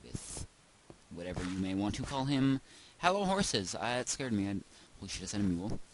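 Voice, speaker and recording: A young man with a low, fairly quick voice commentates his game at home in a casual let's-play, rambling goofily to himself. Heavy background hiss runs through the recording.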